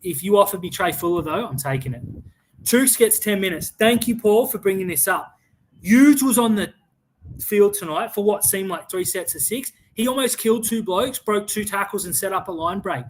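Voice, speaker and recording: On a casual live-streamed sports chat, an Australian fan podcast host gives blunt opinions and curses freely at a normal speed. His high, animated voice is full of restarts and stammered repeats, with a little hiss or hum in the background.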